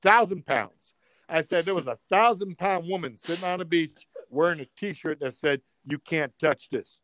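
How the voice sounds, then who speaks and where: A man, a comedian guest, telling a story in casual chat, acting out the quotes and building loudly to punchlines. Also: fairly high pitch, normal speed, no room sound.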